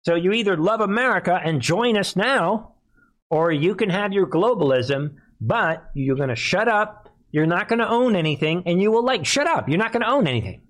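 A man hosting a political commentary show, talking emphatically, repeating himself and often clearing his throat. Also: fairly high pitch, low-quality recording. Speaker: host.

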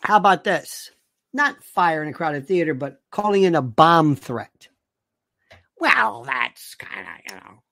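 Woman ranting on a livestream, fired up, reading chat out loud. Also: low-pitched, unhurried. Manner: animated, ranting, reads chat aloud. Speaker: livestream host. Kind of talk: casual livestream monologue.

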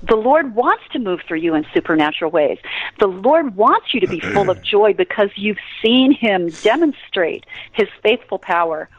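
A woman's voice: mid-range voice, expressive, moderate pace, no room sound, lo-fi sound. A woman guest on a radio interview, telling stories with energy, laughing often and breaking into prayer. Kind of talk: animated interview storytelling.

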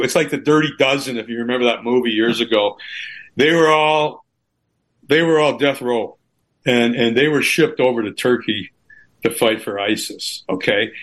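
A man's voice: medium pitch, fairly bright tone. A middle-aged man from Canada, a guest author telling his story in a livestream interview, rambling and often repeating his words.

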